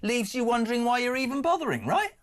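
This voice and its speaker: A man with a high voice runs a radio phone-in from the studio. He jokes with his callers and launches into firm, opinionated rants. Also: sing-song, fast talker. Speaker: radio talk show host.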